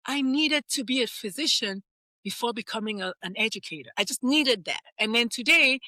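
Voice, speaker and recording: A woman talks as a pediatrician guest, her voice pitched a little high and very bright. She tells her own story candidly and animatedly, repeating phrases for emphasis. The sound is dry and close. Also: animated, normal speed, no echo. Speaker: pediatrician and life coach guest.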